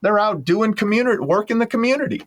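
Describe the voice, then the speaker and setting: A man's voice: high-pitched, lively intonation, quick pace. A man hosting a podcast, talking in a rambling, enthusiastic way full of restarts. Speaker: podcast host. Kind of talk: casual interview chat.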